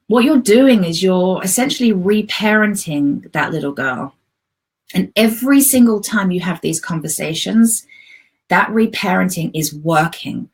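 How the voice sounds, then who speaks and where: A woman who is a self-help author, giving a spoken lesson in a gentle, conversational way and speaking straight to her listeners. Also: fairly low pitch, vocal fry, husky. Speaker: self-love author and coach.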